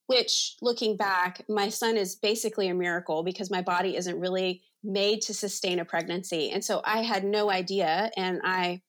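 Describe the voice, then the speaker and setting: A woman in her forties, a ministry leader appearing as an interview guest, shares a personal faith story in conversation, chatty and earnest, with lots of "you know"s. Her mid-range voice is steady and fairly bright, moving at normal speed with hardly any pauses.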